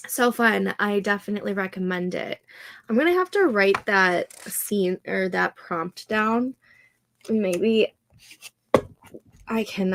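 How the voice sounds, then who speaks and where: A woman hosting a casual live stream of writing sprints, stuffy from allergies, reading viewer comments aloud and reacting with unhurried encouragement. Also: mid-range voice, gravelly, fairly bright tone. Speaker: livestream host running writing sprints.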